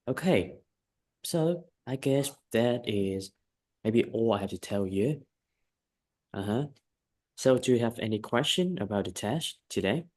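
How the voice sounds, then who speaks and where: A man's voice: medium pitch, animated, unhurried, pauses often, darkish tone. A man teaching English one-on-one, giving emphatic, repetitive advice and often checking in with his student. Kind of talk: one-on-one lesson feedback.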